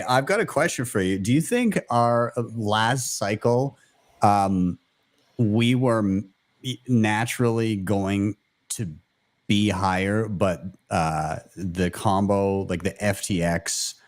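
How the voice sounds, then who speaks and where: A man's voice: fairly low pitch, no echo. A man hosting a casual live panel chat, joking and laughing often between questions. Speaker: host of a live audio stream.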